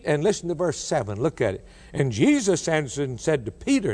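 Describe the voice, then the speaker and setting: A man preaching a sermon, telling a story in a folksy way, repeating himself, and climbing high on emphatic quoted lines. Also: very animated, a little fast, hardly any pauses, a little mellow, in a large hall. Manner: folksy, with repeated words and asides.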